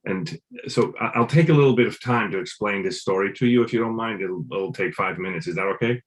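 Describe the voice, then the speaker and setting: A man from Switzerland, a guest in a casual interview, talking in halting bursts with many restarts. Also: fairly low pitch.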